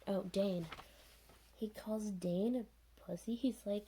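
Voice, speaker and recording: A woman's voice: medium pitch, steady tone, slow, mellow, slight background noise, low-quality recording. A young woman giving a sarcastic, chatty recap and commentary on a show, full of "like" and "anyways". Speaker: video reviewer.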